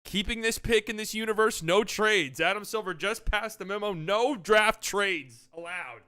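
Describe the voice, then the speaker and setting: A man with a high, smooth, resonant voice hosts a casual online mock draft. He drifts between quiet mumbled asides and loud mock-announcer calls, talking into a desk mic. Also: normal speed. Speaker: host running a community mock draft. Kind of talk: casual livestream chat with mock announcer bits.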